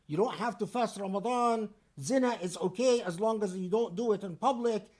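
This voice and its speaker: A man preaching a Friday sermon in a deliberate, emphatic and pointed way. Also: sits high, a little mellow.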